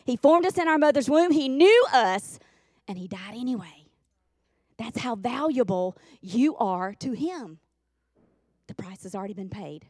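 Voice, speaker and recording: In a church sanctuary, a woman preaches a folksy sermon, repeating lines for emphasis and calling on the congregation to respond. Her voice is a little high, animated, and a little mellow, with an unhurried pace. The sound is studio quality with no echo.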